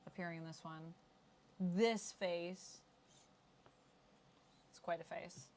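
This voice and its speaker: A woman's voice: on the low side, fairly even intonation, slow, pauses often, a little mellow, slight background noise. A woman hosting a casual chat, chatty and laughing often. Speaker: podcast host.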